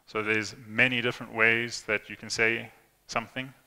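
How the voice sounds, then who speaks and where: A man's voice: mid-range voice, little pitch movement, moderate pace, bright, forceful tone, clear, resonant tone. A young man giving an informal tech talk to an audience, chatty, with many fillers and restarts, acting out quoted lines. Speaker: conference speaker. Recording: reverberant hall.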